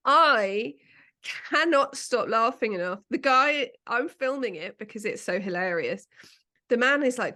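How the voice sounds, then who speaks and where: A middle-aged English woman with a British accent, co-hosting a podcast in casual chat and telling lively anecdotes with laughter and the odd swear word. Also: on the high side, normal speed. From England. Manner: animated storytelling, laughs and swears freely. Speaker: podcast co-host.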